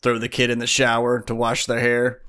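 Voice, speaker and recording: A man's voice: medium pitch, monotone, normal speed, bright, forceful tone. A man co-hosting a podcast, telling a long story in casual chat, full of fillers and asides. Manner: rambling storytelling with many fillers. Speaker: podcast co-host.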